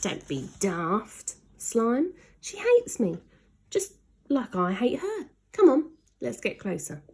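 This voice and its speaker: A woman voicing a mischievous, excitable young boy in a storybook reading, with eager, high-pitched exclamations. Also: slow, slight background noise, full character voice. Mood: excited.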